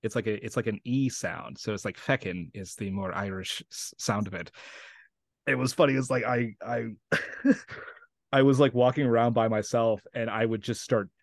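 A man's voice: lowish voice, normal speed, no room sound, clean studio sound. A young man from New Mexico, an actor guest talking casually in an interview, rambling with lots of fillers and frequent laughs. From Santa Fe, New Mexico.

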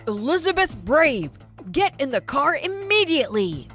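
A woman's voice: on the low side, lively intonation, measured pace, faint music behind, voice pushed down. A woman voicing a stern middle-aged father who barks orders. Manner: commanding.

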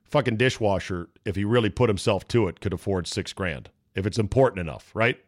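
A man's voice: lowish voice, brisk. Brash, profane man riffing on sports. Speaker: sports talk show host. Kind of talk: casual sports talk.

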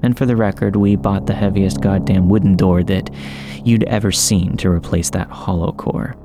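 Deep-voiced man narrating a story. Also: steady tone, noisy background. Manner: measured, dramatic storytelling. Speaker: podcast narrator. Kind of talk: scripted horror story narration.

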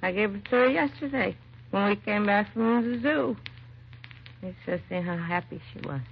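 A woman's voice: mid-range voice, normal speed, gravelly, a little hiss or hum, lightly acted. An actress playing a drunk, grieving young mother in her late twenties, weary and slurring, in an old radio crime drama. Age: late 20s. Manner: slurred, weary, self-accusing. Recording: dull lo-fi old radio recording.

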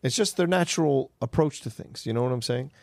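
A man's voice: medium pitch, a little fast, gravelly, a little mellow, no room sound. A man co-hosting a film podcast, giving his opinions on actors in a casual, conversational way. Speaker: podcast co-host.

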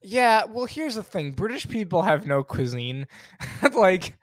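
A young man co-hosts a podcast in a casual chat, laughing a lot and swearing freely. His voice is high with big swings in pitch, his pace is unhurried, and the recording is dry.

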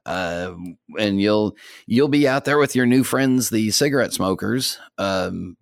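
A man's voice: lowish voice, unhurried, gravelly, dry recording, studio quality. An American man co-hosting a podcast, chatting casually in a rambling way with many fillers and little chuckles. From United States. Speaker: podcast co-host.

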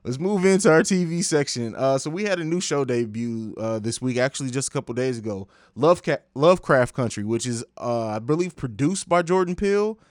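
Animated male podcast host, dry sound. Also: mid-range voice, a little fast, hardly any pauses, no echo. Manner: animated, laughs often, hypes things up. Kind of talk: casual chat.

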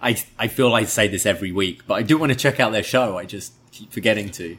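A man with a somewhat low voice co-hosting a casual wrestling podcast. He weighs his opinions out loud, with small restarts, over a faint background hiss. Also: fast talker. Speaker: podcast co-host reviewing wrestling. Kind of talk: casual chat.

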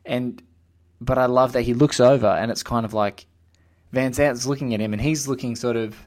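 A man hosting a podcast, chatting casually about a film in an excitable, rambling way and acting out quotes. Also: medium pitch, normal speed. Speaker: podcast host.

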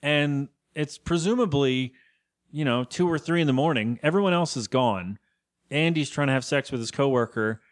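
At a moderate pace and in a mid-range voice, a young podcast co-host rambles through a casual recap of a TV episode. Along the way he voices the characters' lines in put-on impressions.

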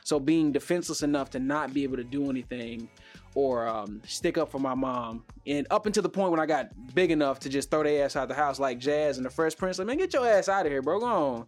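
A man's voice: mid-range voice, brisk, faint music behind. A young man hosting a casual podcast chat, telling stories in slang and acting out the quotes he tells. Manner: animated, acts out quotes, slangy. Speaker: podcast host.

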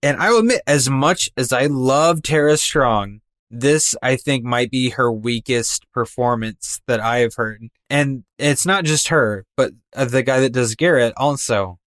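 A man's voice: mid-range voice, measured pace, fairly bright tone, dry recording, studio quality. A man co-hosting a casual podcast, talking animatedly and mimicking voices for effect. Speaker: podcast co-host. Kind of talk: casual chat.

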